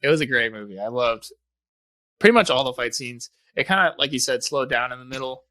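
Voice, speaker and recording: A man's voice: mid-range voice, expressive, fairly quick, sharp tone, dry recording. A young man in casual chat, animatedly retelling movie scenes with lots of swearing and laughter. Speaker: podcast co-host, film reviewer.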